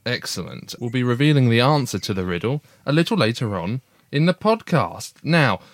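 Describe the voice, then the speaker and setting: A man's voice: medium pitch, very animated, normal speed, no echo, studio quality. A man co-hosting a casual family podcast with his young daughter, playful and teasing, with frequent "uh"s and restarts.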